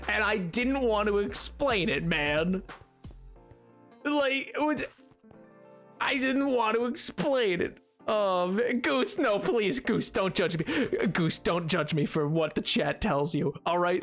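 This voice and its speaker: A man's voice: sits high, animated, slow pace, a bit bright, soft background music. Playful rambling male streamer. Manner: rambling and playful, reacting to chat with mock pleading. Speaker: livestreamer. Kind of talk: casual chat with live viewers while gaming. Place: home streaming setup. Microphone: desk microphone.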